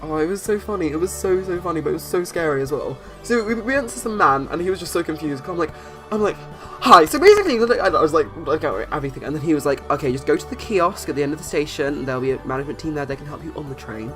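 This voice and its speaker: A young adult rattles through a casual story at a quick clip. The talk rambles, full of restarts and fillers, over soft background music. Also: mid-range voice. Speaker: channel host. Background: faint background music.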